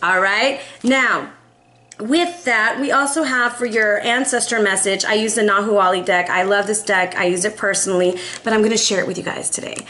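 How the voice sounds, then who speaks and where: A woman's voice: mid-range voice, normal speed, sharp tone, reverberant. A woman in her forties giving a casual, upbeat tarot reading, chatty and often checking in with "okay?". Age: 40s. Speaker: tarot reader.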